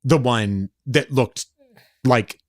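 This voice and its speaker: A man co-hosting a podcast, telling a story in casual chat; he is animated, gets defensive fast and swears freely. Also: medium pitch, no echo. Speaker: podcast co-host.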